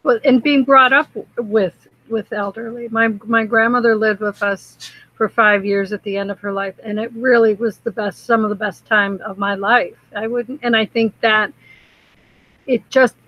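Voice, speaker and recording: A woman co-hosting a casual chat, pausing to search for the right words. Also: on the high side, fairly even intonation, no echo. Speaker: co-host. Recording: dull lo-fi dry sound.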